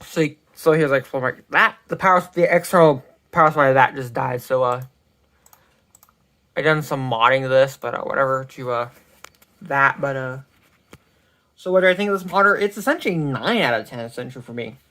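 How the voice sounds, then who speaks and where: A tech reviewer with a mid-range, slightly bright voice gives a casual product review recorded on a phone mic. The talk rambles and halts, full of restarts and self-corrections.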